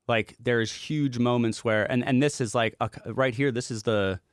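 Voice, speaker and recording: A man's voice: medium pitch, steady tone, normal speed, clear, resonant tone, no echo, studio quality. A man who is a music producer, walking through a project in a casual livestream, talking loosely and rambling with casual swearing.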